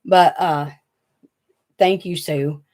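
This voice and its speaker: A woman with a Southern US drawl chats loosely to her viewers on a home livestream. Her voice sits a little low, and she rambles from thought to thought with a fidgety, talkative ease. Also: steady tone, very slow, a little mellow. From Tennessee. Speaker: DIY craft channel host. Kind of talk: casual livestream chat. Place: small hot room at home.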